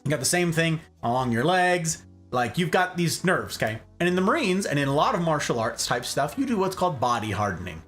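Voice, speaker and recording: A man hosting a casual explanatory chat, jokey and animated, often checking in with "okay?". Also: a little high, brisk, faint music behind. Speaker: host.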